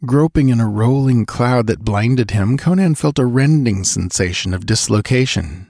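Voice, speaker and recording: A man narrating an adventure audiobook in a measured, dramatic storytelling manner. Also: mid-range voice, creaky, darkish tone, no room sound, studio quality. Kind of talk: scripted narration.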